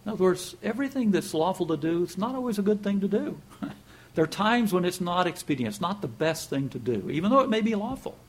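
A man with a slightly husky, fairly high voice delivers a relaxed, conversational sermon. He chuckles at his own jokes and often stumbles over repeated words. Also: fast talker. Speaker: preacher.

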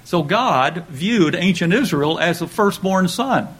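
A man with lively intonation, a slightly slow pace, and a fairly bright, breathy voice preaches a sermon over poor audio. He talks conversationally with restarts, getting louder and higher-pitched when reading dramatic scripture quotes.

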